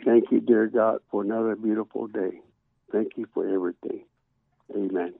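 A man's voice: on the low side, steady tone, normal speed, gravelly, dry recording. Man praying over a tinny phone line. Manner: rhythmic chanting with repeated words. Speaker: prayer giver. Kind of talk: spoken prayer.

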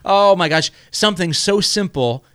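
A man with a slightly high voice tells a story in loose, rambling fashion. He keeps restarting his sentences and keeps checking in with his listener as he goes. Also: moderate pace, fairly bright tone. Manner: rambling storyteller, many restarts and "right?" tags. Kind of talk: casual conversational advice.

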